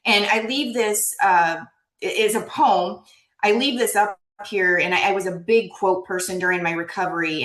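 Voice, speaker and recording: A woman's voice: fairly low pitch, a bit bright, roomy sound, rough recording. A woman giving an emotional, earnest keynote talk over a video call, often repeating words. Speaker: keynote speaker.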